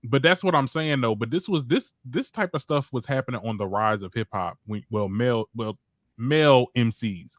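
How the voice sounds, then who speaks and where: A man co-hosting a casual podcast chat, making emphatic points and repeating "let's be clear.". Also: medium pitch, moderate pace, dry recording, studio quality. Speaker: co-host.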